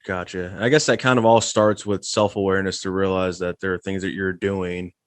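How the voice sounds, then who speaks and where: Deep-voiced man co-hosting, dry sound. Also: little pitch movement, brisk, no room sound. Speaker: podcast co-host. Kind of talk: casual podcast chat.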